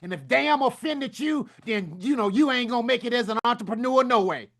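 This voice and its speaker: A man's voice: extremely high pitch, brisk, fairly bright tone. A man giving a hyped motivational talk as a book coach, preaching in call-and-response with folksy turns of phrase. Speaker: book coach and summit speaker.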